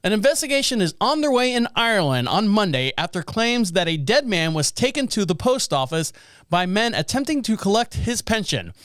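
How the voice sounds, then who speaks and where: Male podcast host, high smooth voice, dry close sound, sarcastic rambling news riffs. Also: sing-song, brisk, a bit bright, dry recording. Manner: sarcastic, rambling, laughs at own jokes. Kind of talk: casual news commentary.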